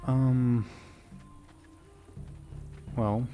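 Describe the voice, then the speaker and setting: A man's voice: mid-range voice, level tone, very slow, warm tone, faint music behind. A man running a tabletop game as game master, often chuckling and trailing off into muttered asides.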